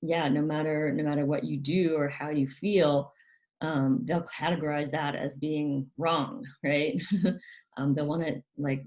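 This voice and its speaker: A woman hosting a casual educational talk, speaking softly with many ums and acting out quoted parents in a higher voice. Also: fairly even intonation, measured pace, dull audio. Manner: soft-spoken, frequent ums, quotes parents in a higher, sharper voice. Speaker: channel host.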